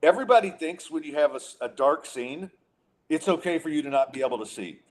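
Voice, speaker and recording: A man's voice: fairly high pitch, animated, fast. A middle-aged man hosting a podcast, chatting casually and ranting with sarcasm and frequent restarts. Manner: exasperated, sarcastic, many restarts. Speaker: podcast host.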